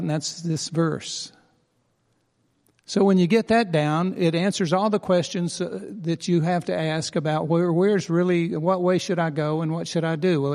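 A man's voice: on the high side, a little mellow, big-room sound. A man preaching a sermon as pastor, earnest and emphatic, repeating key phrases for weight.

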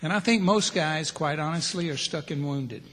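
A man's voice: fairly high pitch, moderate pace, fairly bright tone, in a large hall. A middle-aged man preaching a plain-spoken sermon to men, listing his points one by one. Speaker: preacher at a men's ministry.

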